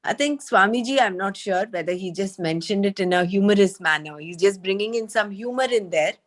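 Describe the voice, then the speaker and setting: A woman reads a spiritual text aloud to a small group and then explains it in her own words. Her delivery is measured and thoughtful, with hesitant fillers when she talks freely. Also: mid-range voice. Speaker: study group leader reading the text.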